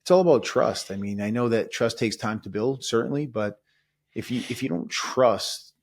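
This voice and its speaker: A man's voice: medium pitch, moderate pace. A man hosting a podcast, talking earnestly and reflectively about his work as a trainer. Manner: earnest, reflective, lots of affirming murmurs. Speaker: podcast host and fitness trainer. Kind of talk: casual podcast conversation.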